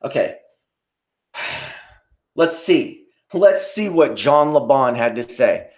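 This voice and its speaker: A man's voice: mid-range voice, animated, slow pace. A man hosting a live stream, ranting in a casual, preachy, profane way and getting worked up.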